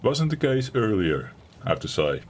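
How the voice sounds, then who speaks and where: Talking at normal speed with big swings in pitch, a low-ish voiced man from the Netherlands streams a game. In his Dutch accent he rambles chattily, speaking to viewers between tasks. A little hiss or hum runs underneath.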